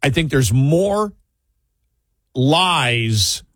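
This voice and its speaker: A man's voice: mid-range voice, lively intonation, drawn-out words, a bit bright, no room sound. A man co-hosting a talk radio show in a studio, chatting casually in a rambling, amused way. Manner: rambling, amused, restarts sentences.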